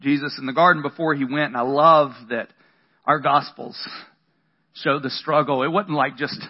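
High-voiced man preaching, lo-fi sound. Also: fairly even intonation, moderate pace, slightly rough. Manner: conversational preaching with dramatic emphasis. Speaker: pastor. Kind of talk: sermon. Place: room with a congregation. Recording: dull lo-fi sound.

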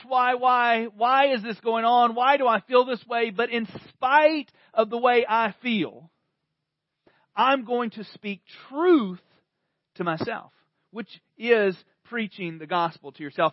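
A man preaching in a high, bright voice, talking to his congregation in a chatty way and then building to emphatic peaks. The recording is dull and dry, with no room sound. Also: dry recording. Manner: conversational preaching with emphatic swells. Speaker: pastor. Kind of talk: sermon. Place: church service.

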